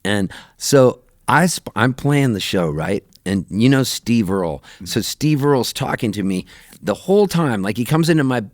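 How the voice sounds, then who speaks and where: Animated storytelling man, dry studio mic. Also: normal speed, dry recording. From Canada, raised in Southern California. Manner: lively anecdotes, jumps up high when quoting himself, laughs often. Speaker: touring musician, guest. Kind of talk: animated storytelling in a radio interview.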